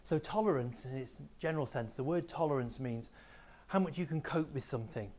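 A man's voice: mid-range voice, fairly quick, a little mellow. A man, a teacher giving a school assembly talk, explaining ideas plainly and speaking directly to pupils. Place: school room with a small live audience.

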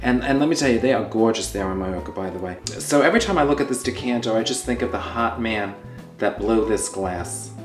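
A man's voice: lowish voice, fairly quick. A campy, theatrical man hosts a comedy tea-making demo, fussing over his dishes and tossing out exasperated, swearing asides. The kitchen sounds roomy and echoey, with faint music and clinking dishes behind him. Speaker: comedy host. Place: home kitchen.

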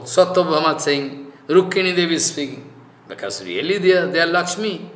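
A man giving a devotional scripture discourse as a spiritual teacher, in halting informal English full of "you know" and emphatic repetition. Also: fairly high pitch, animated, fairly bright tone, roomy sound. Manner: emphatic, repeats key phrases.

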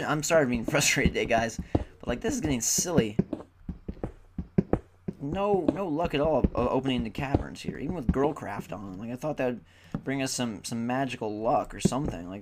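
Over loud background noise, a weary young man talks through a casual Let's Play, complaining at the game. This gaming YouTuber has an expressive mid-range voice and speaks at a moderate pace.

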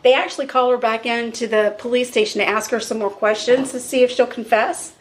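A woman's voice: on the high side, fairly even intonation, fairly quick, slight background noise. A woman casually recounting a true crime case as a podcast co-host, acting out the quotes of the people involved. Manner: storyteller, acts out quotes with fillers.

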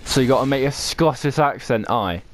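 A man chatting casually while playing an online game with friends, excitable and swearing often as he explains the rules. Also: fairly high pitch, slow pace, noisy background. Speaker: gaming channel host. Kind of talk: casual gaming chat with friends.

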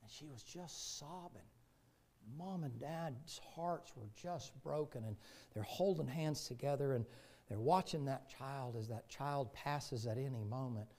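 A male pastor preaching a sermon and telling stories, his voice moving from loud passages to hushed ones. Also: medium pitch, measured pace. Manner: storytelling, swings from loud to hushed.

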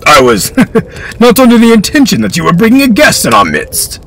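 A man's voice: very high voice, wildly swooping pitch, moderate pace, gravelly, fairly bright tone, slight background noise, pitched above the performer's own voice, full character voice. A man doing a fat old gouty lord. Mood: sly.

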